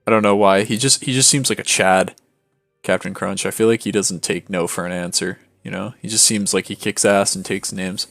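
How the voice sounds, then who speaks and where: Brief: young man, gaming streamer, slangy and swears, lowish voice, dry close sound. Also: steady tone, normal speed, creaky, a bit bright, dry recording, faint music behind. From Canada. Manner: laid-back and slangy, swears freely. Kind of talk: casual late-night stream chat.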